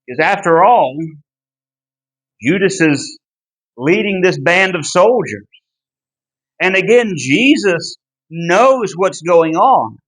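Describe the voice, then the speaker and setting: Slow, earnest high-voiced man teaching. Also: animated, a bit bright, low-quality recording. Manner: earnest and emphatic, pleading in tone when driving a point home. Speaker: Bible class teacher. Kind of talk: Bible study lesson.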